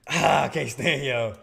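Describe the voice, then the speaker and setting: Male streamer, trading-show host; casual slangy chat with viewers, laughs a lot, mid-pitched voice. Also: vocal fry, pushed and bright, slightly rough. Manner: laughing often, talking straight to chat in slang. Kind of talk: casual live-stream commentary.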